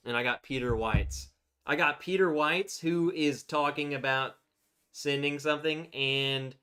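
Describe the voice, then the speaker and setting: A man's voice: medium pitch, takes it slowly, sharp tone, clean tone. A man hosting a casual livestream, chatting freely, laughing often and reacting to viewer comments. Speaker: livestream host.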